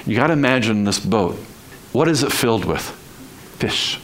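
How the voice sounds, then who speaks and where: A man's voice: on the low side, lively intonation, moderate pace, fairly bright tone, poor audio. A male pastor preaching a sermon in a conversational style, full of rhetorical questions to the congregation.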